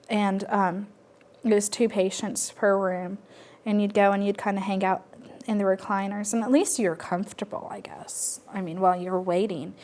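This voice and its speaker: A woman telling her personal story in a reflective, halting way, with frequent pauses and fillers. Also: mid-range voice, a little mellow. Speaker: interviewee sharing personal story. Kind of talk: personal testimony.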